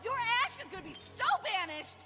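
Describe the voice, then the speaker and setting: Woman doing a sassy young princess, very high, bouncy, music and reverb behind. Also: sing-song, fairly quick, bright, forceful tone, exaggerated voice. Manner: sassy, flippant. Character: bored, bratty young princess.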